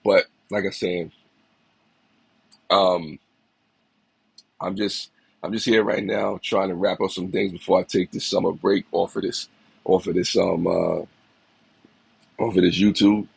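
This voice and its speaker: A man's voice: low-pitched, little pitch movement, a little slow, vocal fry, pauses often, breathy edge, dry recording, rough recording. A man in his forties, a little sick, hosting a casual livestream with a reflective, encouraging manner and greeting viewers by name. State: a little sick, slight cough. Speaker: livestream host. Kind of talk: casual motivational livestream talk.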